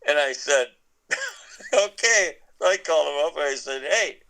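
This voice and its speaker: A man's voice: on the high side, wildly swooping pitch, normal speed, vocal fry, a bit bright, poor audio. A middle-aged man, a podcast guest, tells a long personal story casually, with many restarts. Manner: rambling with many restarts and laughs.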